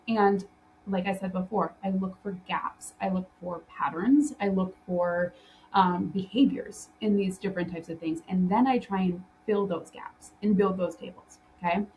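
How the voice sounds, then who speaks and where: A woman's voice: medium pitch, normal speed, dark tone, a little hiss or hum, poor audio. A woman hosting a solo podcast, talking loosely with lots of fillers and restarts and often breaking into laughter. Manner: laughs often while telling stories. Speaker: podcast host and interior design business coach.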